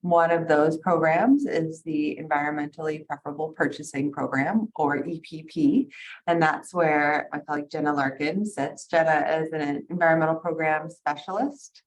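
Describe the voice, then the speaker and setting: Woman official, low voice, brisk introduction, video-call audio. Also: fairly even intonation, rough recording. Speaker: agency deputy administrator. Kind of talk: introducing a speaker.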